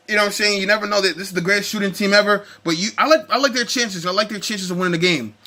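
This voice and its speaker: High, fired-up man ranting about basketball. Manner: heated, ranting, animated. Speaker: sports vlogger. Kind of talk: casual sports rant.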